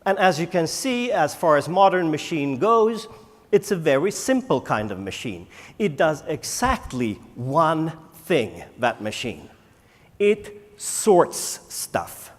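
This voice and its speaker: Lively male keynote speaker in a hall. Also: a little high. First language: Swedish. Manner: rhetorical questions to the audience, dramatic pauses. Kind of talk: conference keynote talk. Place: large conference hall. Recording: echoey conference hall.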